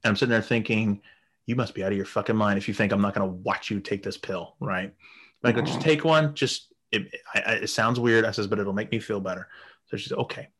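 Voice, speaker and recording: Man, 30s, lowish voice, rambling crude storyteller, casual podcast chat. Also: little pitch movement, fast, fairly bright tone, breathy edge. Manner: crude, rambling, swears often. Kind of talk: casual anecdote.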